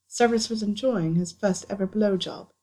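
Breathy woman narrating a story. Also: mid-range voice, normal speed, warm tone. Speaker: audiobook reader. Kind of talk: scripted narration.

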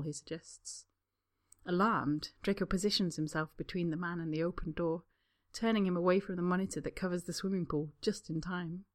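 A woman narrating a fan story as an audiobook. Her reading voice is soft and unhurried, sometimes dropping almost to a whisper. It sits slightly low. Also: fairly even intonation.

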